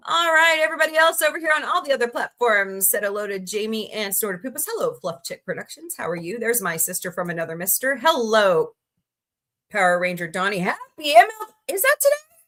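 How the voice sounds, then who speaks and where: A woman in her forties from Missouri hosts a casual livestream with a bright, clear voice. She talks in a loose, rambling way, greeting viewers and reacting to chat. Her pitch sits in an ordinary middle range. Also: lively intonation, a little fast. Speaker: livestream host.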